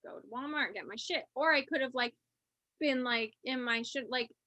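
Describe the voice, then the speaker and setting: A woman's voice: high-pitched, moderate pace, pushed and bright. A woman co-hosting a casual heart-to-heart chat, chatty and swearing as she tells stories on herself. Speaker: co-host.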